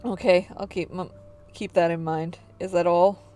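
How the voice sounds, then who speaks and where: A woman voicing a gruff, rude young male tenant who answers in a curt, dismissive way. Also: fairly low pitch, fairly even intonation, normal speed, dark tone, faint music behind, lightly acted.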